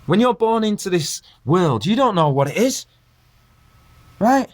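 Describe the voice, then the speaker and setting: Man, angry vlog rant, fairly high voice, swooping intonation, preachy questions. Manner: preachy, fires rhetorical questions at viewers. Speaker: vlogger. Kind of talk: impassioned rant to camera.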